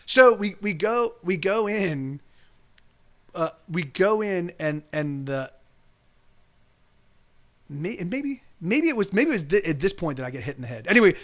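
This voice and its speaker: A man's voice: sits high, very animated, unhurried, long pauses, fairly bright tone. A man telling a story in casual chat on a live stream, rambling and swearing as he corrects himself. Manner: rambling, profane, full of self-corrections.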